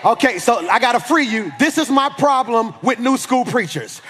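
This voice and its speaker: A male pastor preaching a sermon in a big church hall, colloquial and often shouting, repeating words for emphasis. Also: very high-pitched, animated, moderate pace, slight background noise. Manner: preaching with call-and-response energy, often shouting. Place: large church hall with an audience.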